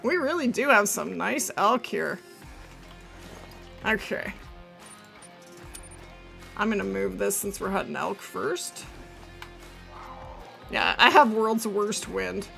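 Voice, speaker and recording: A woman's voice: mid-range voice, slow, creaky, pauses often, faint music behind. A woman hosting a live game stream, chatting casually as she plays and gushing over viewers. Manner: chatty, thinks aloud, gushes with excitement. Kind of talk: casual live gameplay commentary.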